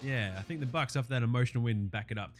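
A man with an Australian accent and a hoarse, sore throat, chatting casually as a podcast host and swearing freely. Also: mid-range voice, soft background music. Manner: brisk, swearing, slangy chat.

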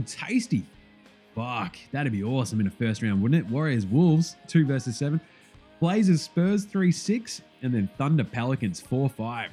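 A man's voice: mid-range voice, slightly rough. A man hosting a casual basketball recap, sweary and jokey as he rattles off scores. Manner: sweary, animated, jokey banter. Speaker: basketball podcast host.

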